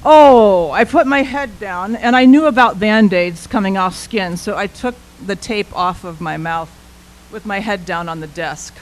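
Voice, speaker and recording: A woman minister shares a personal story from the pulpit, her voice sitting at a middle pitch. She tells it in an animated, conversational way, drawing her listeners along. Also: unhurried, slight background noise, poor audio. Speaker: intern minister.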